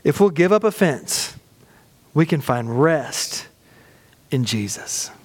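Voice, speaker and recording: A man's voice: a little high, big pitch swings, slow pace. A middle-aged man preaching a sermon as pastor, conversational and humorous, acting out little quoted exchanges. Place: church sanctuary. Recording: reverberant hall sound.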